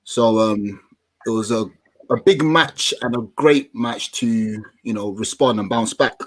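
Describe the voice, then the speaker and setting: Male podcast guest, mid-pitched, dry close sound, slangy match breakdown. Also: unhurried, no echo. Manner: animated, slangy, swears casually. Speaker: podcast guest, football fan. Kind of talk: casual match analysis.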